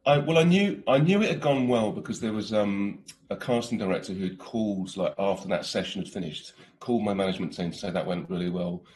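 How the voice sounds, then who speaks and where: A man's voice: fairly low pitch, expressive, fast, hardly any pauses, darkish tone. A British man in his forties, an actor chatting casually in an interview, laughing often and restarting his sentences.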